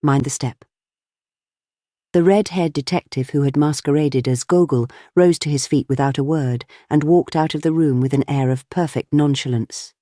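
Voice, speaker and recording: A man narrating an audiobook of a classic novel in a measured, expressive reading. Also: on the high side, dry recording, clean studio sound. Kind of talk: scripted narration.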